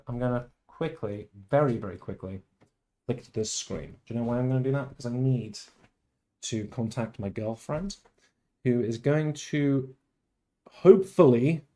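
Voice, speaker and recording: A livestream host plays games casually from home, talking with theatrical flair. His medium-pitched delivery veers from noisy outbursts to murmurs of mock tenderness.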